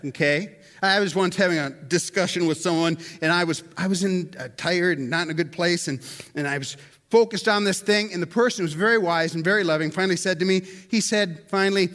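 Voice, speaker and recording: A man with a very high voice preaches in a loose, conversational sermon. He keeps turning to the listeners with questions and often stumbles over and repeats words. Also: fast, fairly bright tone. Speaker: pastor.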